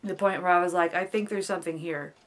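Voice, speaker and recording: A woman's voice: on the low side, fast talker. Rambling young woman vlogging. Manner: rambling, overthinking, many fillers. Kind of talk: casual confessional vlog.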